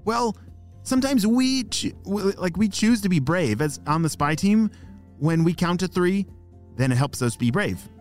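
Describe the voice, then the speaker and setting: A man's voice: high-pitched, expressive, measured pace, faint music behind. Man doing an eager, encouraging boy. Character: cheerful young boy, encouraging.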